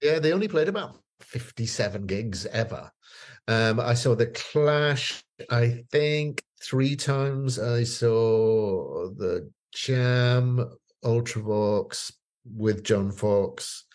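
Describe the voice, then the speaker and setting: A man's voice: mid-range voice, slow. A man, telling stories as a guest in a casual chat, rambling with many fillers and restarts. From northeast England.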